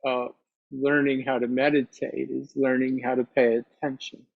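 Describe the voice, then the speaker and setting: Unhurried man telling a teaching story. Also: mid-range voice, little pitch movement, vocal fry, no echo. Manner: unhurried, reflective, with soft laughs. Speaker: meditation teacher. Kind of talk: storytelling dharma talk. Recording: dry, slightly dull recording.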